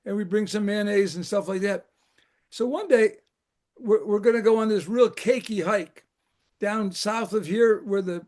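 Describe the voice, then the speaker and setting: A man's voice: high voice, a little mellow. An older man, a former camp recreation director, telling rambling, laughing anecdotes in a casual chat.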